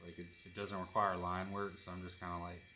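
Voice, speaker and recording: A man's voice: low-pitched, completely flat delivery, brisk, sharp tone, a little hiss or hum. A man chatting casually while he tattoos, rambling and joking with lots of fillers. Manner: rambling, jokey storytelling with many fillers. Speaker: tattoo artist. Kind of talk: casual chat while working.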